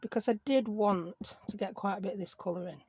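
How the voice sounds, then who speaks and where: A woman's voice: mid-range voice, quick pace, a little mellow, slightly rough. A middle-aged woman with a Yorkshire accent, chatting and rambling casually as she crafts on her own channel, self-mocking and talkative. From Yorkshire, England.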